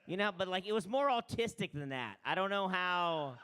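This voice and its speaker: Brash high-voiced male comedy host. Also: lively intonation, normal speed, bright, forceful tone, clear, resonant tone. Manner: brash, crude and mocking, heckles the crowd. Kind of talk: open mic stand-up hosting. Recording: live mic in a bar room.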